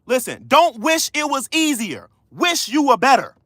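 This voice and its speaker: A man coaching viewers on a livestream, loud, slangy and preachy, repeating key lines. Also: extremely high pitch, very animated, moderate pace, dry recording, clean studio sound. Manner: casual slangy speech. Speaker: credit coach hosting a livestream. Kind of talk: motivational livestream talk.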